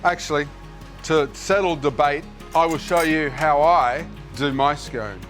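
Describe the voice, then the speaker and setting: Jokey Australian TV cook, slightly high voice. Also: male voice, a little slow, a bit bright, soft background music. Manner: friendly, jokey, thinks aloud while working. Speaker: TV cooking show host. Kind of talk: chatty cooking demonstration. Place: kitchen set. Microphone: lapel mic.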